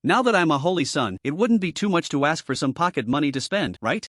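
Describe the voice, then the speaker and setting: A man's voice: fairly high pitch, expressive, brisk, fairly bright tone, no room sound, studio quality. A man reading the lines of a cocky, scheming young swordsman hero. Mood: smug.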